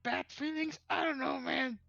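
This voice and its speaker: A woman's voice: high-pitched, normal speed, vocal fry, a bit bright, no echo, highs cut off. A woman playing at a tabletop game, hesitant and doubtful, stumbling over words. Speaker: player. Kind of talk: in-character tabletop play.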